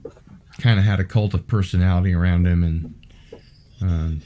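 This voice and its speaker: Low, warm-toned man hosting a podcast. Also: moderate pace. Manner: dry, wry asides between steady reading. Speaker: podcast host. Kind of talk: podcast interview, reading case reports aloud.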